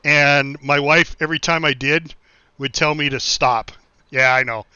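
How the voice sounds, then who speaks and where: A man's voice: fairly high pitch, steady tone, measured pace, bright, forceful tone, clean tone. A middle-aged American man chatting casually while streaming a game, easygoing, laughing often and rambling with restarts; recorded with dull, dry sound. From United States. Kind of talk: casual chat while gaming.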